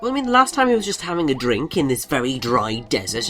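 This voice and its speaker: A man's voice: medium pitch, wildly swooping pitch, fast talker, a bit bright, soft background music. A man chatting casually beside a game playthrough, teasing his friends. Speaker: co-commentator. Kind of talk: casual gaming commentary.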